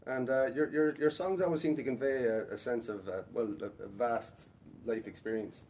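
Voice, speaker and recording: A man's voice: mid-range voice, fairly even intonation, moderate pace, darkish tone, recorded from a distance, a little hiss or hum. A man interviewing, asking questions hesitantly with many fillers. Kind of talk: casual interview. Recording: voice from off-mic.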